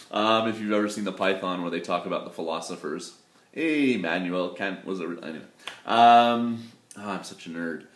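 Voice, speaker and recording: Rambling man, low voice. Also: moderate pace. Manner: rambling, loose, full of "you know" fillers and self-deprecating asides. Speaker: English teacher living in Japan. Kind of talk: casual chat to camera. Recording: roomy echo.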